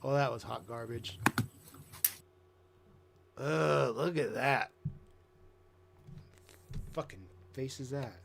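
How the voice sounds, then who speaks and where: A man's voice: medium pitch, takes it slowly, creaky, pauses often, background noise. A man hosting a casual reaction commentary show, mocking and sarcastic with crude jokes. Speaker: commentary host.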